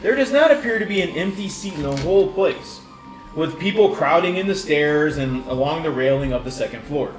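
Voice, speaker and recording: A man as dungeon master, narrating scenes in a halting, descriptive way. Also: on the high side, lively intonation. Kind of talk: narrating a tabletop game. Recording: echoey room, distant mic, faint music.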